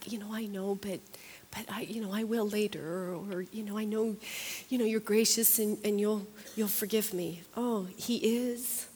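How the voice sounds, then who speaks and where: A woman's voice: medium pitch, long reverb tail. A woman teaching a Bible study in a chatty, earnest way, repeating phrases for emphasis. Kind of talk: conversational sermon.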